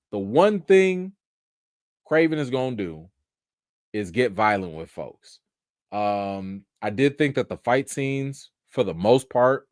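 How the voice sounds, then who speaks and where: Lively, animated man reviewing a film. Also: lowish voice, no echo, studio quality. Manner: animated, talks straight to viewers as "y'all"; emphatic, repeats points for effect. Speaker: movie reviewer and live stream host. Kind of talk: live stream review commentary.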